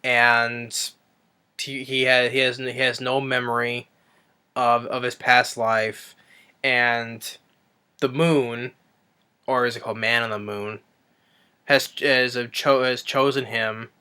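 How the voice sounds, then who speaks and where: A man's voice: mid-range voice, flat delivery, slow pace, long pauses, sharp tone, clear, resonant tone. A man giving a casual spoken movie review, rambling with frequent restarts and self-corrections. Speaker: film reviewer.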